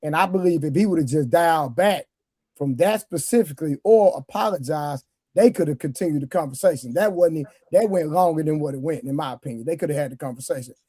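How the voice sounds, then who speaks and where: A man's voice: fairly high pitch, quick pace, warm tone, slightly rough, dry recording, studio quality. A man speaking firmly and with emphasis on a livestream panel chat. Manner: firm, emphatic.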